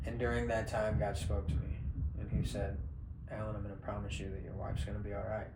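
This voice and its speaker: A man's voice: on the low side, fairly quick. A man who is a podcast guest, speaking earnestly and plainly in casual conversation. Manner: earnest, plain-spoken testimony. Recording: echoey room with steady noise.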